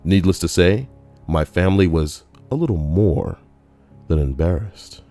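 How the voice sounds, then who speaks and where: Over faint background music, a man with a low, dark voice reads forum stories aloud at an unhurried pace for YouTube. His comedic commentary is crude and profane, packed with jokey asides.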